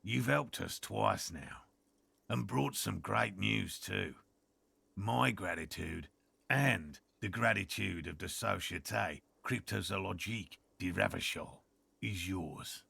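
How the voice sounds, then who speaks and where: Eccentric middle-aged cryptozoologist man, husky, formal, wry, in a game. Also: sits low, expressive, slow, bright, forceful tone, no echo, heavily acted. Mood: grateful. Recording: game audio with music behind.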